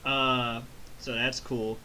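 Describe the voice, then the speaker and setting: A man's voice: medium pitch, takes it slowly, a little hiss or hum. A man hosting a casual movie review, recapping the plot with profanity and constant acted-out bits. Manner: animated recap, profane, laughing. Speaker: reviewer and host.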